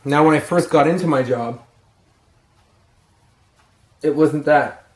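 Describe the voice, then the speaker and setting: Tired and young, a lumber yard crew lead vlogs rambling, profane advice on getting a raise from a room at home, yawning and sighing as he goes. His voice is a little high and slightly mellow, his pace slow, and the sound reverberant.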